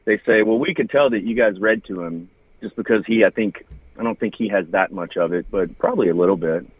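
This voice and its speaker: Husky Southern man on a tinny line. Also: fairly low pitch, fairly quick, dry recording. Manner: promotional, rattles off names and details. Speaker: wrestling TV host and announcer. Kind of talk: casual podcast chat. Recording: dry, husky, phone-like line.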